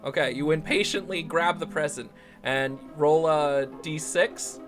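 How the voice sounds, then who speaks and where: A man's voice: a little high, measured pace, a bit bright, faint music behind. A man narrating as game master of a tabletop game, rambling with frequent restarts and laughs.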